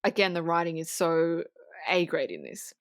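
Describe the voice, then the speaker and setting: A woman co-hosting a podcast, casually recapping a film scene in an animated, swear-laden way with lots of restarts. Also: lowish voice, normal speed, no room sound. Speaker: podcast co-host.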